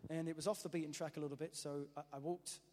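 A man preaching a testimony as an animated, self-mocking storyteller, often restarting his sentences. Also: on the high side, quick pace, background noise. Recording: echoey hall reverb.

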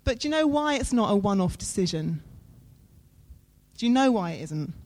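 A woman preaches in a warm, mellow voice. She talks to her listeners in an earnest, conversational way and leans on dramatic pauses. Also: medium pitch, very animated. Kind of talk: sermon.

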